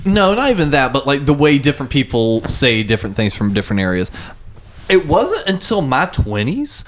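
A man's voice: mid-range voice, very animated, normal speed. A man in casual podcast chat, rambling and laughing easily.

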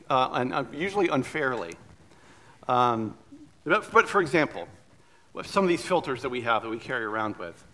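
A man's voice: a little high, fairly bright tone. Pastor guy giving a sermon, chatty storyteller, voice goes up and down a lot. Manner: conversational storytelling with light humor.

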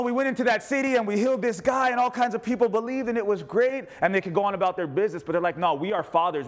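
A male pastor with a notably high voice delivers a fervent sermon. His preaching is emphatic and built on repeated rallying lines, spoken in a church sanctuary. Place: church sanctuary with a responding congregation.

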